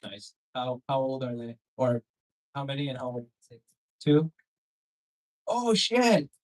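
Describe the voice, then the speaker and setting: A man's voice: medium pitch, big pitch swings, takes it slowly, poor audio. A young man doing a crude, rambling stand-up set with crowd work on a comedy club stage, on a handheld mic.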